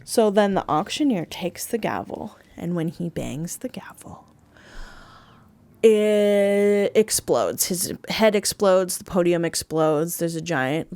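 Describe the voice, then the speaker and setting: A woman recapping a movie on a podcast in a rambling, casual way, full of fillers and quick acted-out quotes. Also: lowish voice, a little mellow, no echo.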